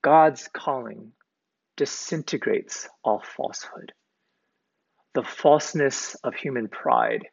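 Slow gravelly-voiced man preaching. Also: mid-range voice, wildly swooping pitch. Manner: deliberate, emphatic repetition of key words. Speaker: pastor. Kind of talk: sermon. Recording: dull, lo-fi recording.

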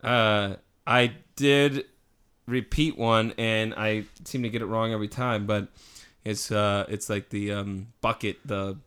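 A man's voice: fairly low pitch, level tone, measured pace, a bit bright, clear, resonant tone. A man chatting casually, rambling with many fillers and restarts as he retells TV scenes. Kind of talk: casual chat.

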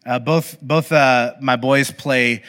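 A man's voice: mid-range voice, fairly even intonation, takes it slowly, fairly bright tone. A man preaching a sermon in a loose, conversational storytelling way, with frequent fillers, in an echoey hall. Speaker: pastor.

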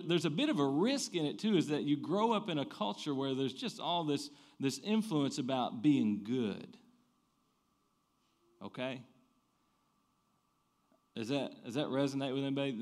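A man, preaching a sermon. He swings between loud emphatic bursts and quiet low asides, and often restarts his phrases. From American South. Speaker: pastor.

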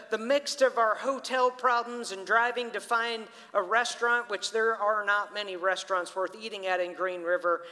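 A middle-aged pastor with a strikingly high, bright and forceful voice preaches a story-driven sermon. His words ring out with a long reverb across the church hall, and he often turns to speak directly to the congregation. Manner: storytelling, animated, addresses people directly.

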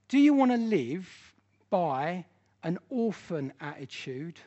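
A man's voice: fairly high pitch, sing-song, drawn-out words, pauses often, mellow, muffled recording. A man teaching a church Bible study class, speaking earnestly and with emphasis.

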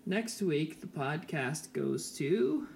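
A man's voice: fairly high pitch, sing-song, slow, gravelly, darkish tone, a little hiss or hum. A man co-hosting a podcast in casual chat, easygoing and wry, chuckling often. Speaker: podcast co-host.

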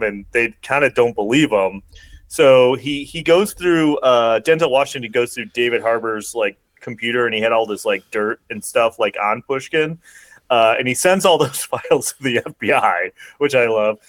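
A man in a casual podcast chat, recapping a film scene by scene in a loose, rambling way, dotted with "like" and "um." His voice sits at an ordinary middle pitch, and the sound is dry and close. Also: moderate pace, fairly bright tone, dry recording. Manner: rambling, many fillers, laughs while retelling. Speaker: podcast co-host.

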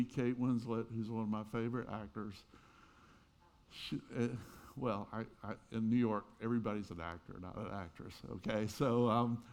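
A man's voice: mid-range voice, darkish tone. A man in his sixties preaching a sermon in a conversational way, rising now and then into emphatic peaks. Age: 60s. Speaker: pastor.

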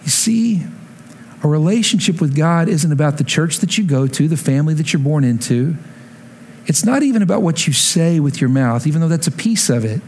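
A man preaching a sermon to a congregation, telling his own conversion story and climbing to emphatic peaks before dropping low and slow. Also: animated, darkish tone, a little hiss or hum. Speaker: pastor. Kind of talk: sermon with personal testimony. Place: church sanctuary before a congregation.

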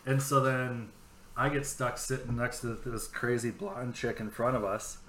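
Man from California, rambling, swearing storyteller on a casual podcast, bright voice, echoey room. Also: mid-range voice, flat delivery, measured pace. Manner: rambling storyteller, swears freely, acts out dialogue. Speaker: podcast co-host. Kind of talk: casual chat. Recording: echoey room with faint background noise.

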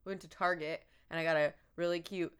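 A woman's voice: fairly low pitch, fairly even intonation, a little fast, smooth. A woman co-hosting a podcast, chatting casually, full of "like" and easy laughter. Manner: chatty, laughs easily, filler-heavy. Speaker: podcast co-host. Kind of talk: casual chat.

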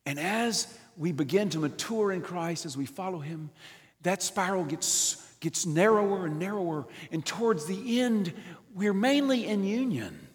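An older man preaching a sermon in a church, swinging from loud emphatic lines down to near whispers. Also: high-pitched, animated, measured pace, in a large hall. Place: church nave.

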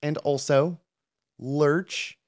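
A woman's voice: deep voice, fairly even intonation, drawn-out words, darkish tone. A woman co-hosting a podcast in casual chat, tossing off wry, dry quips. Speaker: podcast co-host.

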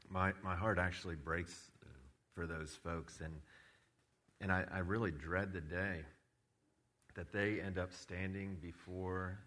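A man's voice: low-pitched, fairly bright tone. A man in a conversational faith discussion, reflecting earnestly on compassion and judgment.

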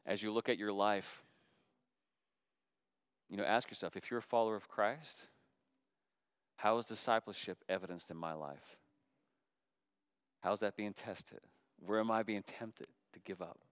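A man, a middle-aged pastor, preaching a sermon that moves between loud impassioned calls and soft, hushed appeals. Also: fairly low pitch, fairly even intonation, a little slow, pauses often, smooth, dry recording, studio quality.

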